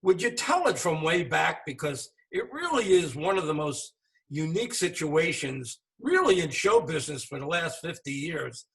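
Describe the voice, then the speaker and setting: A man's voice: fairly high pitch, very animated, moderate pace, vocal fry, a bit bright, distant mic, rough recording. A man hosting an interview, enthusiastic and full of praise for his guest. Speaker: host.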